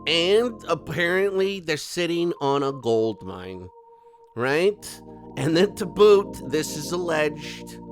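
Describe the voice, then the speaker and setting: A man hosting a gossip commentary vlog in a brash, profane way, breaking into sudden loud outbursts and chatting directly to his viewers. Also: on the high side. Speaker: channel host.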